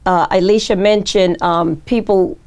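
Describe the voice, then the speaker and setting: Halting woman candidate at a forum. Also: mid-range voice, steady tone, a little mellow. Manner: halting, many fillers and restarts. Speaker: mayoral candidate.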